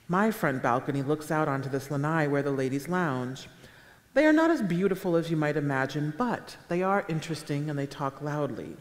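A woman author reading her own fiction aloud at a public event, with a measured, deadpan delivery. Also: low voice. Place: town hall auditorium with a live audience. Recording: echoey live hall sound.

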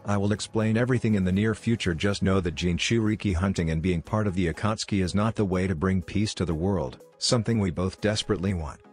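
A brash teenage boy ninja from a read-aloud fan story, cocky and teasing, as a man voices him. The voice sits low and a little husky, and faint music plays underneath. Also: fast talker, hardly any pauses, a little mellow.

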